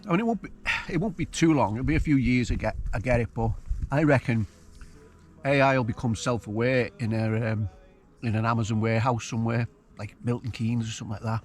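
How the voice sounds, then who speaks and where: Wild camping alone on a hill, a man talks and reflects as he cooks for his vlog. He speaks a little quickly, with medium pitch and a somewhat dark tone.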